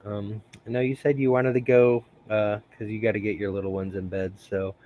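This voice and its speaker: Man, low voice, casual host chat, rambling, laughs a lot. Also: little pitch movement, a little fast, phone-quality sound, slight background noise. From United States. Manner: rambling, laughs often, many fillers. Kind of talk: casual live-stream chat.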